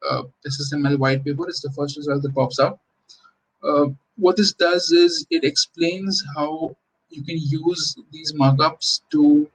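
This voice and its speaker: A man's voice: a little high, breathy edge, rough recording. A young man presenting a conference tech talk in an informal, explanatory way, with frequent fillers and restarts. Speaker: conference speaker.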